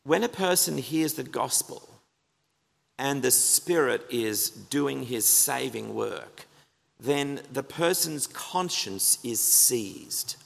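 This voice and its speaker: A man delivers a sermon with a strongly gravelly, fry-laden voice. He speaks earnestly and with emphasis, often putting questions to the congregation. His voice rings out with the long reverb of a church hall. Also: medium pitch, animated, slow, fairly bright tone. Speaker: pastor.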